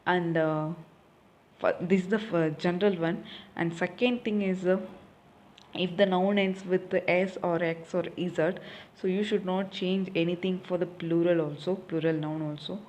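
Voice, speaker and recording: A woman's voice: lowish voice, fairly even intonation, moderate pace, a little mellow. Woman teaching a lesson. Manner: asks and answers her own questions, repeats key points. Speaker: French teacher. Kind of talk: recorded classroom lesson.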